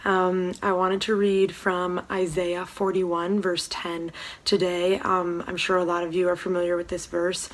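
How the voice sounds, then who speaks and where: A young woman giving a casual devotional talk from home, soft-spoken and hesitant, with many pauses and ums. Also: on the low side, monotone. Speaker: church devotional speaker. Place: room at home.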